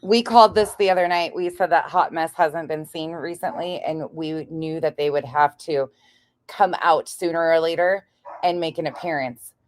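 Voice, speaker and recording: Low-voiced blunt woman co-host. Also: normal speed. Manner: blunt, sarcastic. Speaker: livestream co-host. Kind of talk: casual livestream commentary.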